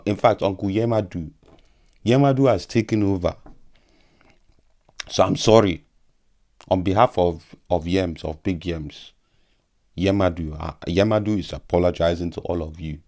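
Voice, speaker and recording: A man's voice: deep voice, moderate pace, pauses often, a little mellow. A man voicing a jolly, apologetic older African uncle with an African accent, sing-song and exaggerated, ending lines with "eh?". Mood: jokey apologetic.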